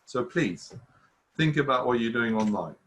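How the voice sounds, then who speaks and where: A man in his fifties giving a live security talk, earnest and insistent. His voice is bright and forceful, and he circles back over his words with frequent restarts. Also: medium pitch, lively intonation, normal speed. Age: 50s. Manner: earnest, repetitive, restarts often. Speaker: cybersecurity speaker. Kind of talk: live presentation to an online audience.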